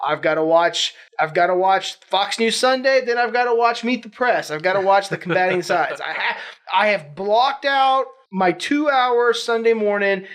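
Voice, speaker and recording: A man co-hosting a podcast, telling animated stories in casual chat and laughing as he goes. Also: sits high, normal speed, clear, resonant tone. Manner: animated storyteller, laughs through his stories. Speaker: podcast co-host.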